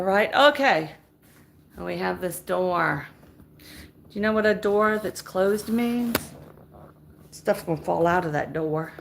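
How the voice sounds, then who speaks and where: A woman's voice: fairly low pitch, creaky, slight background noise. A middle-aged woman chatting casually with live-stream viewers as she tidies and sorts her house. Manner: chatty, talks to viewers while sorting and moving things. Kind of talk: casual live-stream chat while tidying. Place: house interior, moving between rooms.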